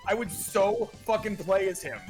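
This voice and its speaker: A man joking around in a casual group chat, goofy and quick to burst into fast talk. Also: high-pitched, soft background music.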